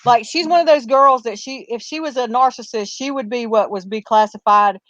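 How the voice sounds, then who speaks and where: High-voiced woman arguing a case. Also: brisk, fairly bright tone, no room sound. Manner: opinionated, argues her point, restarts often. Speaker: podcast co-host. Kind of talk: casual true-crime discussion. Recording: dull, lo-fi sound.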